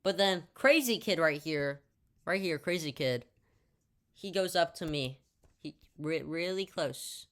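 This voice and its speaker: A woman's voice: sits low, lively intonation, unhurried, a bit bright. Rambling young woman telling a story. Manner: rambling, full of jokey asides. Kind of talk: casual storytime narration.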